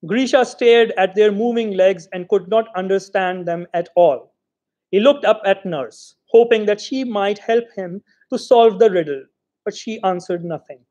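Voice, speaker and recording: Male literary reader, high register, expressive storyteller. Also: a little slow. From Pakistan. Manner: expressive storytelling, voices the quoted lines. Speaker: reader of short stories. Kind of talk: literary reading.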